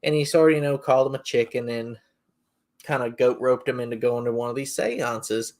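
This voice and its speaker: Guy hosting a podcast, folksy and rambly, medium pitch. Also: brisk, darkish tone. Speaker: podcast host. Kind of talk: casual storytelling.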